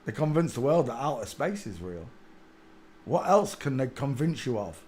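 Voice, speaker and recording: A man hosting a live stream, rambling through a monologue and now and then bursting into excited shouts. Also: mid-range voice, moderate pace, a little hiss or hum. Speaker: livestream host.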